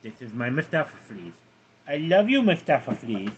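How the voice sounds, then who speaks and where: A man's voice: medium pitch, very animated, moderate pace, dull audio, slight background noise. A man live-streaming from home with his cats, reading viewer comments aloud and answering them offhandedly. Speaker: livestreamer reading chat. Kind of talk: casual live-stream chat.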